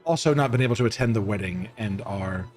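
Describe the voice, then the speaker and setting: A man narrating a tabletop role-playing game as game master, in a loose, halting way with many fillers and restarts. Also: fairly low pitch, faint music behind.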